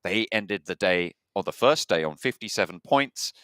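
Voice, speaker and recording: A man casting an esports match, steady and analytical about points and standings. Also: on the low side, normal speed. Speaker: caster. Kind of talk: match commentary.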